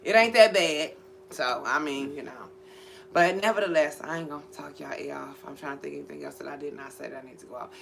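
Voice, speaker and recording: Brief: bright-toned woman spiritual reader, blunt and profane, animated, with faint background noise. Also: low voice, fast talker, vocal fry. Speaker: spiritual reader and channel host. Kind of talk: casual spiritual chat.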